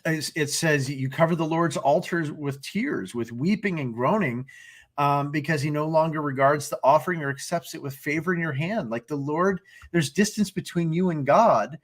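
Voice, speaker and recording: A man's voice: a little high, normal speed. A middle-aged man co-hosting a marriage ministry talk, earnestly teaching from scripture in a preacherly way, often restarting his sentences.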